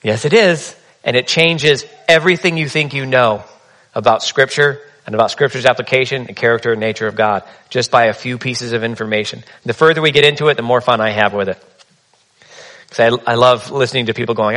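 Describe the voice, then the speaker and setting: A man's voice: mid-range voice, fast, a bit bright. A man preaching a sermon in a conversational, humorous storytelling manner. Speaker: pastor.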